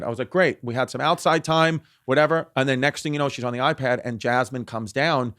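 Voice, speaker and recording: A man's voice: a little high, fast, hardly any pauses, a bit bright, no echo, studio quality. A man in his thirties hosting a comedy podcast, rambling through stories with lots of restarts and fillers. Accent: New York. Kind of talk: casual chat.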